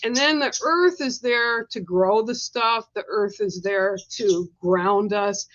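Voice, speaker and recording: A woman giving a livestreamed oracle card reading with a gentle, reassuring manner, coughing now and then. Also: mid-range voice, takes it slowly, dull audio. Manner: gentle, reassuring, coaxing with "right?" and "okay?". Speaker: spiritual card reader.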